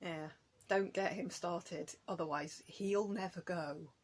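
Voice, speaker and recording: A woman's voice: fairly low pitch, takes it slowly. A woman chatting casually to camera in a home craft vlog, rambling from topic to topic and laughing often. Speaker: craft vlogger.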